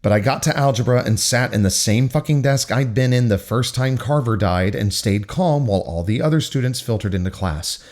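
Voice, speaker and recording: A man's voice: mid-range voice, fairly quick, hardly any pauses, darkish tone. A man reading a first-person novel aloud in an intense, angry, profane manner. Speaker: audiobook narrator.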